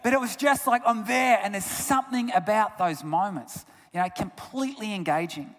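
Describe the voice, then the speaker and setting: A man giving a sermon as a guest speaker, telling stories with big swings between loud bursts and hushed asides. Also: high voice, normal speed. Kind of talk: storytelling sermon. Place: church sanctuary. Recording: long church reverb.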